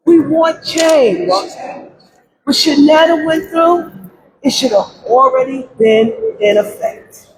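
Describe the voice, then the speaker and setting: A middle-aged woman giving emotional public testimony at a press conference about her grief, pleading through tears and at times breaking into shouts. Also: high-pitched. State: grief-stricken, close to crying. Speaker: grieving mother giving testimony. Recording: crowd noise at a press event.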